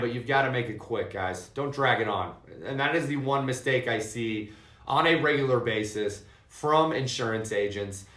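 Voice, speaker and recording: A man with a medium-pitched, fairly bright voice coaches insurance agents, speaking emphatically, repeating his main points and addressing them as "guys." He's an insurance sales trainer giving a coaching talk to sales agents, recorded in an echoey room.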